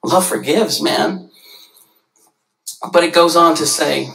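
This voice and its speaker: A man preaching a sermon in a church, animated, often jumping into quoted voices. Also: slow, creaky, pauses often, low-quality recording. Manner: animated, acts out quoted voices with big pitch jumps. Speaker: pastor. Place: church sanctuary.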